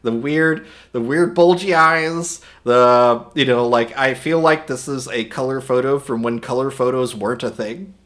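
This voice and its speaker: Slightly hoarse man chatting on stream. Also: medium pitch, measured pace, hardly any pauses, fairly bright tone. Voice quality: rambling, many restarts and repeated words. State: a little hoarse. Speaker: livestream host. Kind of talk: casual stream chat.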